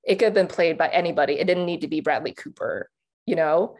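Young woman, lowish voice, loose chatty awards pundit, filler-heavy. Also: quick pace, darkish tone. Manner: chatty, lots of "like" and restarts, laughs easily. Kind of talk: casual panel discussion.

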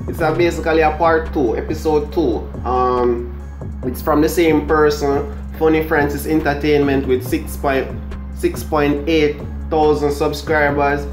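A laid-back man hosts a reaction video and drawls slowly in casual slang. His voice is a touch high. It sounds echoey, with music playing under it. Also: flat delivery.

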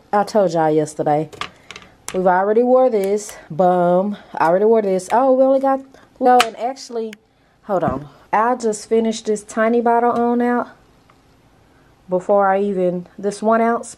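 A woman's voice: mid-range voice, noisy background. A woman chatting casually to her viewers in a vlog, talking straight to camera. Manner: subdued and emotional. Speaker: vlogger.

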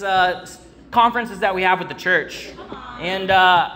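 A young man gives a church sermon and tells a personal story in a loose, rambling way, full of fillers and restarts. His voice sits a bit high for a man and has a bright, forceful edge. He calls out to the congregation now and then. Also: a little slow, a faint crowd. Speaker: preacher.

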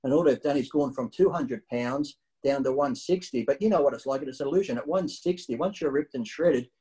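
A man's voice: medium pitch, brisk, mellow, poor audio. Blunt, profane male storyteller. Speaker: guest bodybuilder. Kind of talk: casual storytelling.

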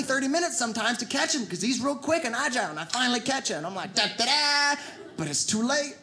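A man doing a stand-up comedy set, telling animated stories and putting on voices for the people he quotes. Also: very high-pitched. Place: theater stage before a laughing audience. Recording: loud audience noise.

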